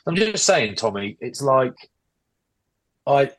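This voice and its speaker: Harried British dad ranting fast. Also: male voice, medium pitch, big pitch swings. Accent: British English. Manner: rapid rambling rant, exasperated. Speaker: podcast co-host. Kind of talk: casual chat. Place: relative's house indoors. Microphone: AirPods earbuds.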